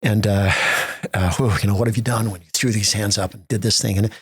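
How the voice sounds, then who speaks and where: Gravelly animated male storyteller. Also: lowish voice, fast, no echo. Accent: American. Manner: animated storyteller acting out quotes. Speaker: theater festival executive. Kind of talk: storytelling in a podcast interview.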